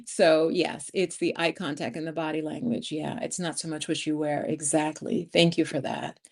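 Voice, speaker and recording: A woman in her fifties hosting a casual livestream, chatting and laughing as she reads viewer comments. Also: lowish voice. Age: 50s. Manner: chatty, laughs often, animated storytelling. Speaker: livestream host.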